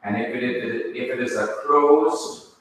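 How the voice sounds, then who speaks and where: A man teaching a Hebrew class, explaining slowly and step by step. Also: medium pitch, a bit bright. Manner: slow, explains step by step, spells things out. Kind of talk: classroom lesson. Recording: echoey hall, speaker far from mic.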